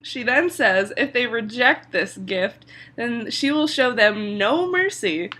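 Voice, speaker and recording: Bright-voiced chatty woman recapping a show. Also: fairly high pitch, slow pace. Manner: chatty, animated, lots of "like" and swearing. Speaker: TV episode reviewer. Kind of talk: casual episode recap.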